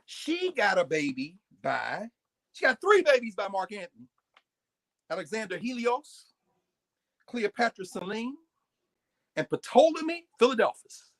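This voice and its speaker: A man giving a live, lecture-style talk as the guest on a recurring segment, animated and digressive, often breaking off his own sentences. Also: high-pitched, unhurried, pauses often. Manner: animated, digressive, interrupts himself.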